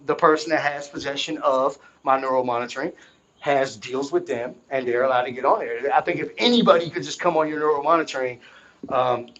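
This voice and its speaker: A man's voice: medium pitch, fairly bright tone, slight background noise. Emphatic man, insistent, on a dull recording. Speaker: vlogger. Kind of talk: unscripted monologue to camera.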